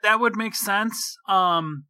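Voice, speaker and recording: Man, podcast guest, laid-back short answers, sharp bright voice, dry sound. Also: sits high, slow, no echo. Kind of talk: casual film review chat.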